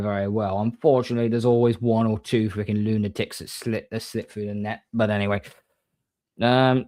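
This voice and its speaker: A man hosting a casual livestream, reading viewer comments and giving shout-outs in a rambling, chatty way. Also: mid-range voice, dry recording. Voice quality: rambling, frequent restarts, mate-and-bro shout-outs. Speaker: livestream host.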